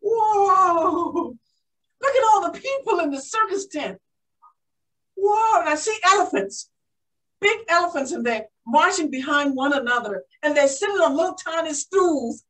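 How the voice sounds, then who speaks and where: Brief: woman as a pioneering aviator, one-woman storytelling, high voice, eager and gasping, mic set well back. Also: far from the mic, heavily acted, rough recording. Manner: animated, gasping with excitement. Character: pioneering woman aviator recalling her childhood. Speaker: living-history performer.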